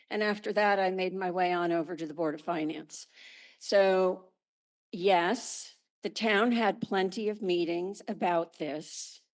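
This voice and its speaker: An older woman, a former school and finance board member, giving a measured, matter-of-fact comment at a town meeting. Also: lowish voice.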